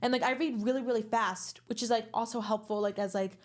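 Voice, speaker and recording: A woman's voice: on the high side, steady tone, fast talker. Earnest young woman, rambling with "like". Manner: earnest, rambling, heavy use of "like". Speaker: guest actor. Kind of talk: casual interview chat.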